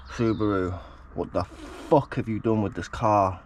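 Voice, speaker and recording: A man's voice: lowish voice, unhurried, hardly any pauses, background noise. A man filming a car teardown, muttering and swearing in exasperation as he works on a stubborn part. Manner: exasperated, swearing, muttering to himself while working. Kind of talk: working commentary to camera.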